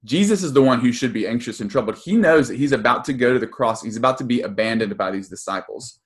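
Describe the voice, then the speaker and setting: Man, young adult, pastor, conversational sermon, earnest, casual, frequent ums, middle pitch. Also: lively intonation, quick pace.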